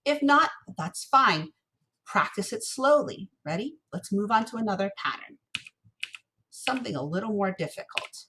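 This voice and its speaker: A woman music teacher giving a recorded lesson, patiently encouraging students and chanting rhythm syllables slowly. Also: medium pitch, expressive, bright, forceful tone, slight background noise.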